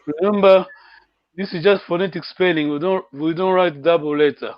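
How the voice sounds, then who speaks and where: A man's voice: on the high side, steady tone, moderate pace, no room sound, lo-fi sound. A man teaching a language class online, patiently correcting his students' pronunciation.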